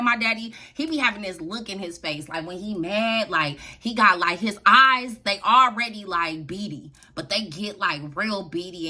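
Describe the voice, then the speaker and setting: A woman's voice: medium pitch, bright, forceful tone. A young adult woman telling a story on her vlog in a loose, slangy way, laughing often. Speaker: vlogger.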